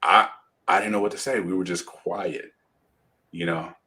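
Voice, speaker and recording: A man's voice: low-pitched, fairly even intonation, normal speed, bright, forceful tone. A man, a guest on an interview show, telling a personal story vividly and acting out the voices of the people in it.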